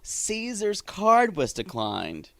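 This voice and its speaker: A man co-hosting a podcast, recapping a show in gossipy, animated chat. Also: sits high, slow, vocal fry, dry recording. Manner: gossipy, animated, laughs often, says y'all. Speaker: podcast co-host.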